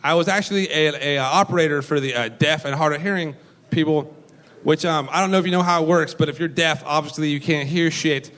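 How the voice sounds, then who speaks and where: A man's voice: a little high, brisk, fairly bright tone. A young man doing a stand-up comedy set on a club stage, loose and profane, full of fillers.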